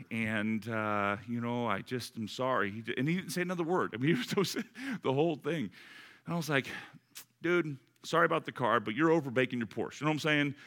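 A middle-aged man preaches with a slightly high, very bright tone. He tells stories in an animated way and plays each speaker in a conversation before he moves on to the point of his sermon. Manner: animated storyteller, acts out both sides of a dialogue. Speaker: pastor. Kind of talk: sermon with a personal story.

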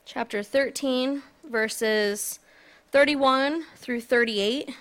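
A woman's voice: sits high, extremely slow, a bit bright. A woman filling in as preacher, giving a casual, conversational sermon with self-deprecating asides. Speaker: guest preacher.

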